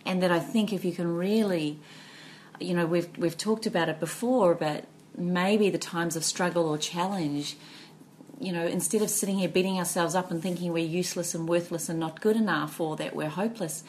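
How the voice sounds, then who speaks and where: A woman's voice: on the low side, normal speed, slight background noise. Reflective New woman co-host. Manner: reflective, storytelling, many fillers. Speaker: podcast co-host. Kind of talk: casual chat.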